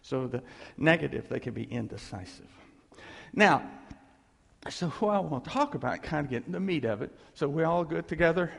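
A male pastor giving a conversational sermon, animated, checking in with the listeners and asking "okay?" again and again. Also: on the high side, moderate pace, creaky, in a large hall.

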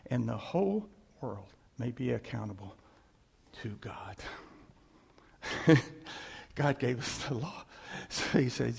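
A man preaching a sermon in a lively, conversational way, checking in with his congregation. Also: medium pitch, slow, gravelly, long pauses, breathy edge. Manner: animated, conversational preaching with audience call-backs. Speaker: pastor. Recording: long hall reverb.

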